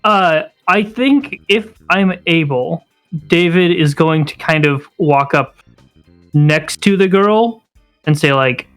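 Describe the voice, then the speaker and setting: A man's voice: fairly high pitch, slow pace, fairly bright tone, clear, resonant tone, soft background music. A man playing in a tabletop role-playing game, hesitant and thinking aloud. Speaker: player.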